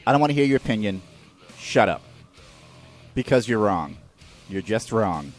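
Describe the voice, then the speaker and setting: Ranting New male host, very expressive pitch, swears freely, mocks with silly voices, light music bed. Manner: profane, animated ranting with mocking put-on quotes. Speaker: podcast host. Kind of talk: ranting comedic monologue.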